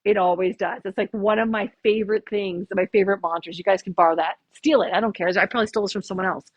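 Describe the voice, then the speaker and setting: Husky-voiced woman leading a workshop. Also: medium pitch, fairly even intonation, quick pace, dry recording. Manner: chatty and upbeat, guiding breathing counts. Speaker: chiropractor leading a stress workshop. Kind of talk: live workshop talk. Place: small room with a live audience.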